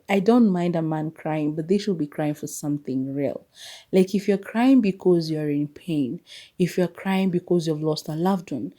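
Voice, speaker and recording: Speaking warmly at a fairly low pitch, a young podcast host chats on her own show in a relaxed, lively way. She laughs a lot and slips back and forth between English and Swahili.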